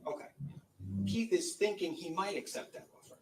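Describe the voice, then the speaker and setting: A man working as a trial attorney, cross-examining a witness in a courtroom with measured, methodical questions. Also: high voice, slight background noise, rough recording.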